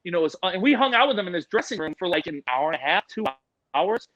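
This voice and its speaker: A man telling animal-handling stories in a casual, animated, profane way. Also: high voice, quick pace, no echo, lo-fi sound. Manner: animated, profane, acts out quotes.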